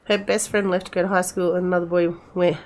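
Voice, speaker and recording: A woman's voice: fairly low pitch, level tone, fast talker, darkish tone. A middle-aged woman, chatting casually with her live-stream viewers in a rambling way, full of restarts.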